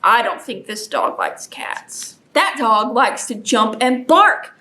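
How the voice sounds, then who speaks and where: A woman leading a children's storytime as librarian, animated and gasping with exaggerated delight for the kids. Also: fairly high pitch, takes it slowly.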